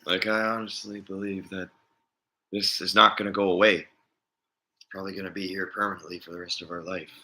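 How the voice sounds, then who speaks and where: Man, vlogger, casual rambling chat, chuckles, low pitch, sharp bright tone. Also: little pitch movement, brisk.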